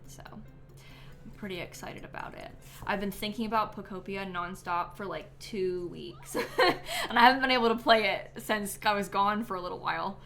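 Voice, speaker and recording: A woman's voice: mid-range voice, lively intonation, moderate pace, fairly bright tone, slight background noise. A woman streaming a life-sim game live, chatting casually with many ums and likes and giggling now and then.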